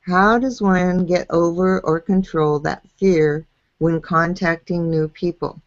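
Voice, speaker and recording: A woman's voice: lowish voice, fairly even intonation, slow pace, no echo, dull audio. A woman hosting a live video chat show, speaking in a thoughtful, encouraging way. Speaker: show host.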